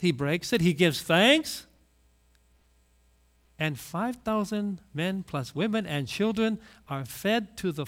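Male preacher, high voice, slow, very lively storytelling delivery. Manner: storytelling, acts out quoted voices. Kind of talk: sermon.

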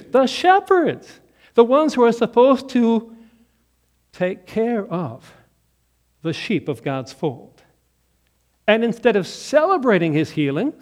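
Pastor, male, higher voice, very animated delivery, dramatic hushed and loud turns. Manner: emphatic, dramatic shifts between loud and hushed. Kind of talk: sermon.

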